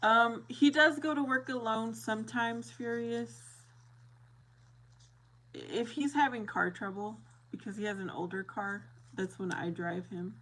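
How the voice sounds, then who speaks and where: A middle-aged woman chatting casually with viewers, animated and laughing often as she acts out both sides of a story. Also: on the high side, moderate pace, few pauses, rough recording.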